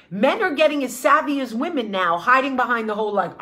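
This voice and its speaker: A woman's voice: sits high, expressive, fairly quick, hardly any pauses, bright, forceful tone. A woman hosting her vlog, giving an impassioned, blunt monologue with swearing and repeated rallying phrases. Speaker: vlog host.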